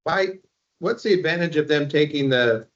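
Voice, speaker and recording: A man's voice: a little high, moderate pace, dull audio. A man in a training session asking polite, brief questions.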